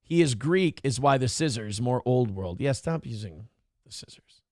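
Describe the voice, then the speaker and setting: A man's voice: medium pitch, animated, moderate pace, darkish tone, dry recording, clean studio sound. A man hosting a morning show, chatting casually, reading viewer comments, and swearing and joking at his own expense. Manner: profane, joking, self-mocking rants.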